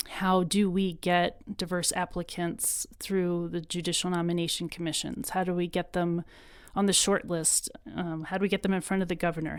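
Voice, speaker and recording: A woman talks earnestly as a podcast guest, her voice sitting a bit low. The recording is dry and close, with no room sound. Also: smooth, dry recording. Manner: earnest, emotional at times, laughs. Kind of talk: conversational interview.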